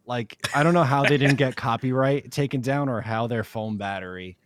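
A man's voice: medium pitch, normal speed, no room sound. A man in his twenties, a podcast co-host, telling a rambling story in casual sports chat and laughing often.

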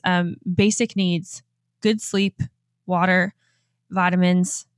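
A woman in her twenties hosting a motivational podcast, energetic and enthusiastic and quick to laugh. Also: on the low side, smooth, dry recording, studio quality. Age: 20s. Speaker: podcast host and life coach. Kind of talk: upbeat motivational podcast talk.

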